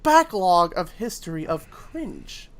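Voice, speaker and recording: A man with a slow, cowboy-like drawl cuts a wrestling-style promo. His pitch swings widely from line to line as he plays up the threat. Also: very animated. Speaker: YouTuber in a played clip.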